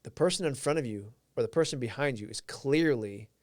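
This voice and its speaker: A man's voice: mid-range voice, a little fast, a little mellow, dry recording, studio quality. A man whose first language is Portuguese, hosting a live stream and giving an earnest, reflective motivational talk while answering viewers' comments.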